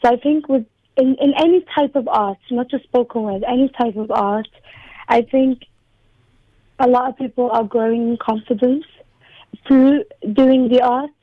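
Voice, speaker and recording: There's no room sound on this tinny, dry phone line as a young spoken word poet from Liverpool talks on a radio show. Her fairly high, steady voice moves at a moderate pace in a Scouse accent, halting often with ums.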